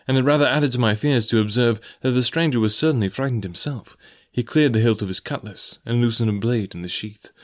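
Low-voiced man narrating a story. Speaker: audiobook reader. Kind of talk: scripted first-person narration.

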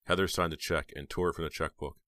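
A man reads a horror novel aloud in a very deep, steady voice. His delivery is measured and even. The recording is dry and close. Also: no room sound. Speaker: audiobook narrator. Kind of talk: audiobook reading of a horror novel.

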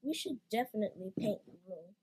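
A woman voicing an excitable, artsy talking crutch in a storybook. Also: mid-range voice, brisk, breathy edge, rough recording. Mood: enthusiastic. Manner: enthusiastic.

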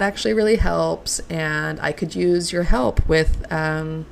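A woman's voice: deep voice, measured pace, vocal fry, hardly any pauses, a little hiss or hum. A young woman hosting a solo podcast, gushing and chatty with lots of likes and ums. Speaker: podcast host. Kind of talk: casual solo podcast chat.

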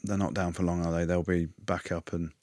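A man's voice: deep voice, little pitch movement, brisk, a little mellow, no echo, clean studio sound. A man hosting a rugby podcast, asking questions and trading banter with his co-host. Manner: banter, ribbing. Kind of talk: casual rugby chat.

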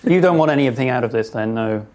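A tabletop player speaks in character, halting and hesitant. The speech is broken up by fillers and false starts. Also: mid-range voice, expressive, a little mellow.

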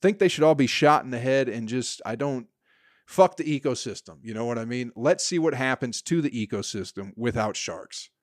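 A man's voice: mid-range voice, expressive, normal speed, no echo, studio quality. A man around forty, hosting a solo comedy podcast and rambling crudely with profane, sarcastic asides. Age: 40s.

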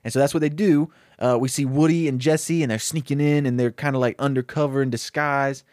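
A young man casually pitching a comedic story, rambling and acting out the characters' lines. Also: steady tone, fairly quick, darkish tone, dry recording, clean studio sound.

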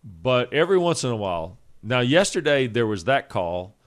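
A man co-hosting sports radio, reading off award facts in a brisk way with dry humor. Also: mid-range voice, big pitch swings. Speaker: radio co-host.

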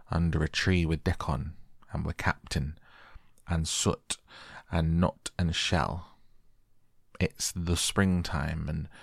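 A man voices a stubborn young girl from a storybook, speaking softly and slowly. His voice stays deep and gravelly, recorded close and dry. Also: no room sound.

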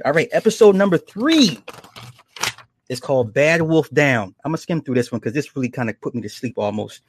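A man casually retelling horror episodes, slipping into quick acted quotes and chuckles. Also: mid-range voice, animated, slightly rough. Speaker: show reviewer.

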